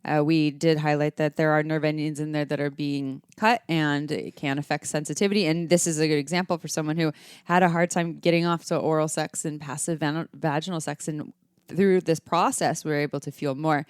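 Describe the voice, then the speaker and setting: Chatty lower-voiced woman podcast host. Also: fairly even intonation, a little fast, clear, resonant tone, dry recording. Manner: chatty, loose, trails off and restarts. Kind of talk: casual podcast chat.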